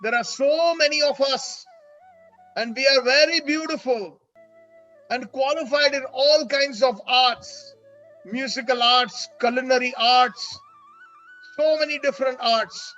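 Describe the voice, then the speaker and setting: A man voicing heartbroken royal queens who speak in a soft, choked, lamenting voice. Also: very high-pitched, measured pace, exaggerated voice. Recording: dull lo-fi with faint music.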